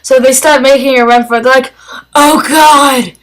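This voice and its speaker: A woman's voice: high-pitched, little pitch movement, fast talker, clean tone, rough recording. A woman giving a casual spoken film review, enthusiastic and rambling, with lots of fillers and restarts.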